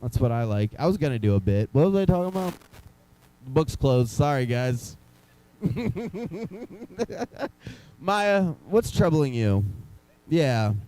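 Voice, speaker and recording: A man's voice: mid-range voice, sing-song, measured pace, long pauses, warm tone, poor audio. A young man doing stand-up comedy in a small club, rambling loosely and teasing the crowd.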